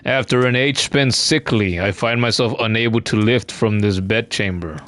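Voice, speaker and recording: A man puts on a sickly old bug who leads a fallen citadel's song, speaking from his bed in a slow, formal and mournful way. The voice sits somewhat low and soft, with measured, grave phrasing. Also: no echo, natural voice. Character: sickly aged bug conductor, bedridden, solemn. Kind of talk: reading game dialogue aloud.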